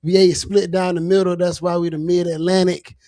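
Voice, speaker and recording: A man from Virginia hosting a casual livestream chat, animated and slangy, often repeating himself. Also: high voice, a little fast, no room sound, clean studio sound. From Norfolk, Virginia. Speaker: show host.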